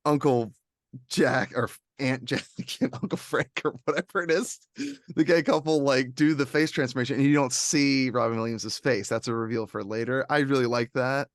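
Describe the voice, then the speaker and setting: Animated man chatting about movies. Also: medium pitch, dry recording, studio quality. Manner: animated, laughs often, quotes scenes in voices. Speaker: podcast co-host. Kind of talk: casual movie discussion.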